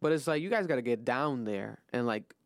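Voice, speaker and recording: A man hosts a casual podcast in a middle-pitched voice. He rambles loosely, swearing often and trailing into fillers. The sound is dry and close. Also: expressive, a little fast, dry recording. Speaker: podcast host.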